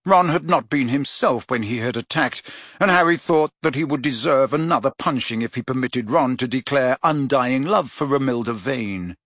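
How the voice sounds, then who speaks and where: A man narrating an audiobook with expressive storytelling. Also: mid-range voice, moderate pace, no echo, clean studio sound. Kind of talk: scripted narration.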